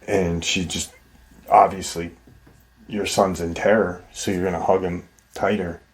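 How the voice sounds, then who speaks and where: A man's voice: sits low, level tone, measured pace. A man hosting a paranormal channel, casually retelling an encounter story in a rambling, conversational way. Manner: rambling and conversational, many "like" and "you know".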